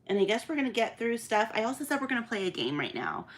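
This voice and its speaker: A woman's voice: on the high side, sing-song, fast talker. A woman hosting a live online auction, chatting casually with viewers and laughing often. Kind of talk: casual live-stream chat.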